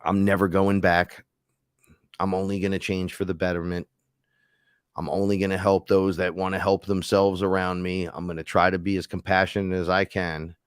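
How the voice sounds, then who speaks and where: A man's voice: low voice, little pitch movement, normal speed, clear, resonant tone, no room sound, studio quality. A man hosting a live stream, telling a rambling, profane story in casual chat. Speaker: host.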